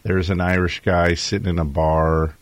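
A man's voice: sits low, level tone, normal speed, no room sound. A man hosting a talk show in casual chat, a jokey storyteller who chuckles often. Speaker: show host.

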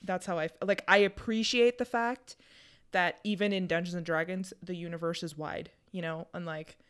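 A woman's voice: on the low side, fairly even intonation, moderate pace, a bit bright, clean tone. A woman co-hosting a podcast, chatting casually and laughing easily. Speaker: podcast co-host, tabletop player. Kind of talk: casual chat.

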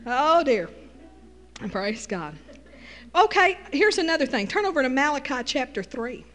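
A woman's voice: sits high, expressive, fairly quick, fairly bright tone, long reverb tail. A middle-aged woman with a Texas Southern accent, preaching a folksy sermon with call-and-response asides.

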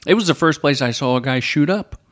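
A man's voice: a little high, animated, fairly quick, fairly bright tone. A man, a podcast guest, recalling the old comedy days in a dry, matter-of-fact way. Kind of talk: casual chat.

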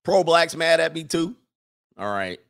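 A man's voice: fairly high pitch, sing-song, a little slow, vocal fry, a bit bright. A man hosting a casual livestream, reading chat comments and giving emphatic opinions, often repeating phrases for effect.

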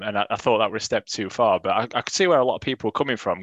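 A man, chatting in a relaxed, halting way as a football podcast co-host. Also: lowish voice, dry recording. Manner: relaxed, hesitant, repeats words. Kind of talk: casual football podcast chat.

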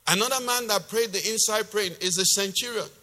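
A male pastor preaching a sermon, reading scripture loudly with force and then explaining it in a lower, conversational voice. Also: a little fast. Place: church hall. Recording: long reverb of a church hall.

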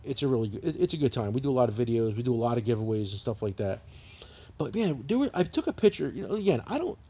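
A man's voice: mid-range voice, very animated, quick pace, warm tone, slightly rough. A man in his fifties with a New Jersey accent, co-hosting a podcast and telling long, profane, rambling stories. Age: 50s. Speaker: podcast co-host. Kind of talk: casual chat.

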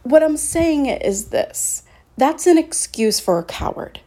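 Woman podcast host, solo casual monologue, mellow tone, blunt and profane, drifts between topics. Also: sits high, very animated, slow pace. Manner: candid and blunt, swears freely, drifts off on tangents.

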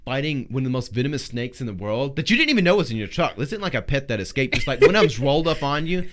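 A man's voice: medium pitch, big pitch swings, fast, a little hiss or hum. Theatrical, jokey male show host. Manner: theatrical, jokey, big swings in loudness. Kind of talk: playful faith talk show segment.

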